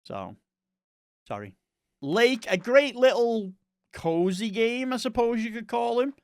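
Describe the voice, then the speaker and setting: A man's voice: extremely high pitch, sing-song, slow pace, clear, resonant tone, no echo, clean studio sound. A young man with an East Scottish accent, chatting casually with viewers on a live stream, rambling and friendly with chat. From Scotland.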